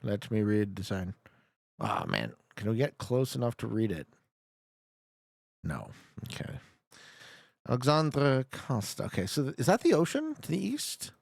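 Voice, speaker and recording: Young male streamer, jokey running commentary, expressive pitch, close and dry. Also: measured pace, creaky, pauses often, no echo. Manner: joking, talks back to his chat. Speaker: streamer playing a geography guessing game. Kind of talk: casual live gameplay commentary.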